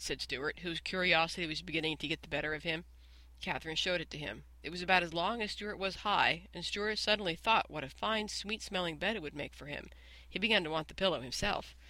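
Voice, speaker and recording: A man narrating a children's storybook in a clear, measured, gently expressive way. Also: a little high, no echo, poor audio. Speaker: audiobook narrator.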